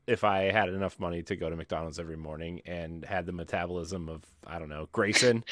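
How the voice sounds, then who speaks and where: A man's voice: sits low, moderate pace, a bit bright. A man co-hosting a podcast over a video call, chatting casually and joking, often laughing mid-sentence. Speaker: podcast co-host. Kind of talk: casual chat.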